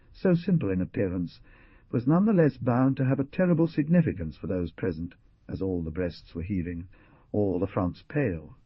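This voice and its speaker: A man narrating an audiobook in a dramatic, animated reading. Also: on the low side, breathy edge, no room sound. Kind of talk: scripted narration. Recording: dull dry lo-fi recording.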